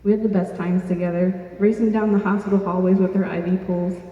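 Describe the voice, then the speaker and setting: Young woman, earnest storyteller, flat delivery; dull, distant recording with heavy room echo. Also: on the low side, quick pace. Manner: earnest, plain-spoken, with small restarts. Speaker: speaker telling her own story. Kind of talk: personal storytelling to an audience. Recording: distant, dull-sounding mic in an echoey hall.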